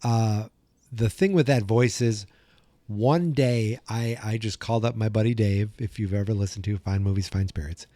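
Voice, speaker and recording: A man's voice: fairly low pitch, normal speed, dark tone, no echo. A man hosting a solo podcast in a casual, rambling way, often cutting himself off and restarting with jokes. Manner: rambling, self-interrupting, jokey. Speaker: podcast host.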